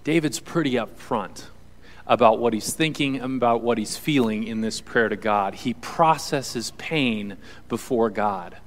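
A man's voice: mid-range voice, a little slow, big-room sound. A male pastor preaching a sermon to a congregation in an earnest, conversational way. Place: church hall with audience.

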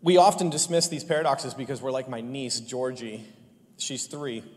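A man preaching a sermon, telling funny family stories and pressing his point with lively emphasis. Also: medium pitch, normal speed. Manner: lively, joking, rising to animated emphasis. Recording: long hall reverb.

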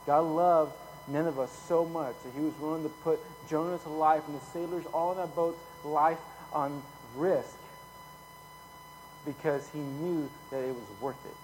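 A man preaching a casual, conversational sermon full of slang, growing louder when he reads scripture. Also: fairly high pitch, steady tone, a little slow. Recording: hall reverb, faint hum.

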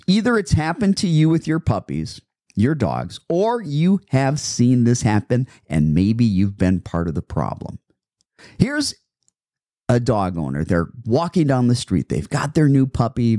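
A man's voice: medium pitch, darkish tone, no room sound, studio quality. A man hosting a dog-training podcast, talking emphatically and repeating phrases for effect. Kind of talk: podcast monologue.

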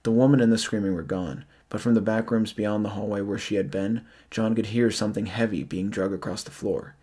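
Husky deep-ish guy reading a scary story, slow and somber. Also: steady tone, dark tone. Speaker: narrator. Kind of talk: scripted horror narration.

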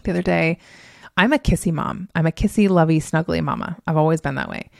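A woman's voice: low-pitched, fairly quick, vocal fry, no room sound, studio quality. A woman hosting a solo motivational podcast, talking candidly and emphatically, swearing freely and laughing often as she tells stories. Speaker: podcast host.

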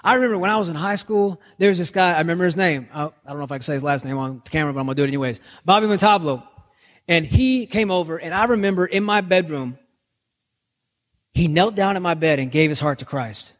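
On his sermon podcast, a pastor preaches in a relaxed, humorous style, leaning on storytelling to drive his message home. He talks at a quick pace in a slightly high voice, and a long reverb tail trails his words.

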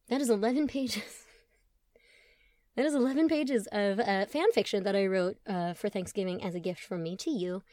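A young woman host reading her own comic fan fiction aloud in a playful, animated way. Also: medium pitch, no echo, studio quality. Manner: playful, animated character voices. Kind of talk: casual storytelling read-aloud.

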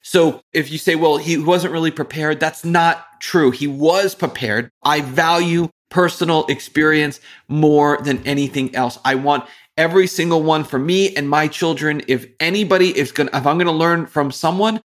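A man with a somewhat high voice hosting a podcast. He fires off question after question and talks with eager enthusiasm. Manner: energetic, rapid-fire questioning, enthusiastic. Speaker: podcast host. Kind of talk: podcast interview.

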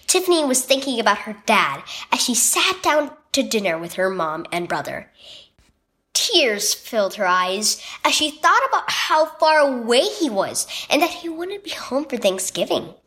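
A woman reading a children's devotional story aloud in a gentle, expressive storytelling way. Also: a little high. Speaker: devotional reader.

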